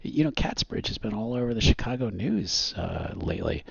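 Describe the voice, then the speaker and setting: A man voicing a loud, boisterous, charismatic man in his fifties who talks in a folksy, glad-handing way. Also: on the low side, sing-song, normal speed, creaky, slightly rough, no room sound, pitched above the performer's own voice, full character voice. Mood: chummy. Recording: dull muffled audio.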